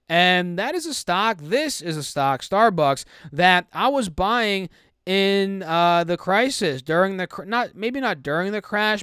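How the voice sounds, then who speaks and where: A man's voice: sits high, sharp tone, clean tone, no room sound, studio quality. A young man giving casual stock market commentary, recovering from an illness and a little choked on his words. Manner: quick, chatty, self-correcting.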